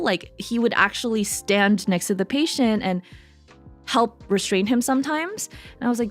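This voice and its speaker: A woman streamer telling a work story in casual chat, animated and laughing often, acting out the people she quotes. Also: mid-range voice, brisk, faint music behind.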